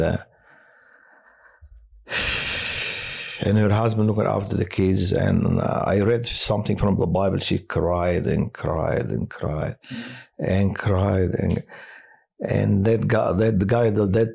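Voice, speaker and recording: A man who works as a hospital chaplain tells personal stories in a halting way, with many restarts and fillers. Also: low voice, creaky, slightly rough. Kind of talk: personal testimony on a podcast.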